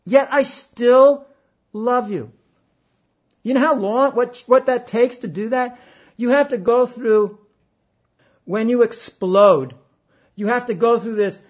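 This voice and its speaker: A man giving a reflective spiritual talk, halting and emphatic, with pauses and repeated phrases. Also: very high-pitched, breathy edge, highs cut off. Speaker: spiritual speaker.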